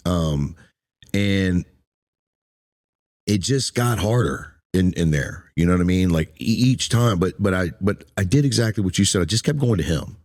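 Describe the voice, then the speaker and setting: Deep-voiced man, emotional and halting. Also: expressive, a little mellow. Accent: Eastern Shore American. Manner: emotional, halting, repeats words, tearful at times. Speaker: podcast host. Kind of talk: emotional conversational interview.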